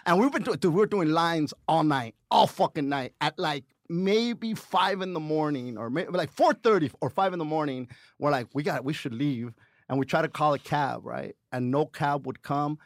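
A comedian in his forties telling a wild story in casual chat, animated and profane, laughing as he goes. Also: fairly high pitch, moderate pace, dry recording, clean studio sound.

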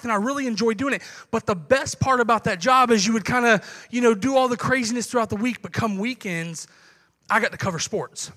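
A male pastor tells a personal story from the pulpit in a high, bright voice. He acts out each remembered conversation with animated energy. He sounds like he is in his thirties. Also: in a large hall. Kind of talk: sermon storytelling.

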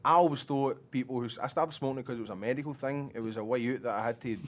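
A man's voice: mid-range voice, racing. A Scottish man telling a rambling, sweary story on a casual podcast, laughing often. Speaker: podcast co-host. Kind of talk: casual chat.

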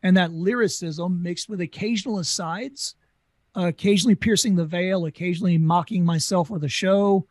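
Southern US man, former carnival talker, fast and animated, high voice, dry close sound. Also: no echo. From Southern United States. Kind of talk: casual storytelling interview.

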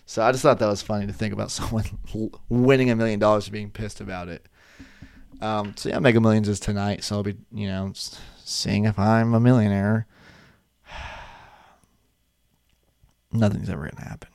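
A man's voice: on the low side, level tone, fairly quick, vocal fry, darkish tone, smooth, dry recording, clean studio sound. A young man chatting casually to his webcam at his desk, rambling and swearing with laughing asides. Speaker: vlogger. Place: room at a desk. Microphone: desk webcam setup.

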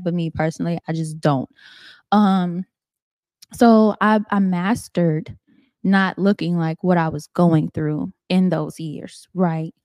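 A woman's voice: fairly low pitch, warm tone, dry recording. A woman in her twenties hosting a solo podcast, talking candidly and emotionally about faith and growth in casual chat. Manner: candid, faith-filled, emotional, conversational with "y'all" and "like". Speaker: podcast host. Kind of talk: solo reflective podcast talk.

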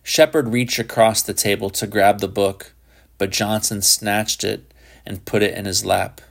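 A man narrating a literary short story in a measured, unhurried reading. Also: on the low side, steady tone, creaky.

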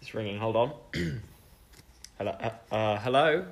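A man's voice: on the low side, lively intonation, a little slow, vocal fry, a little hiss or hum. A man co-hosting a comedy podcast, hesitant and mock-earnest, filling his talk with ums as he plays along. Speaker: podcast co-host. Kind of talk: casual comedy banter.

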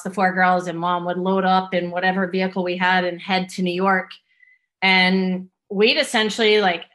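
A woman with a Boston-area accent chats as a guest in a relaxed interview. She rambles along, filling her story with ums and likes. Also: mid-range voice. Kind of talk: casual interview chat.

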